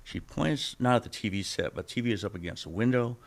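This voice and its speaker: A middle-aged man sharing his personal testimony as a podcast guest, animated and acting out the people he quotes, swinging between loud bursts and hushed asides. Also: fairly low pitch, brisk, gravelly. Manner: animated storyteller who acts out the people he quotes.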